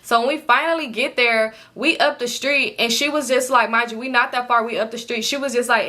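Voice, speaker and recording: A woman vlogger telling a story casually, animated and slangy, swearing freely and talking to her viewers. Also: a little high, fairly quick, few pauses.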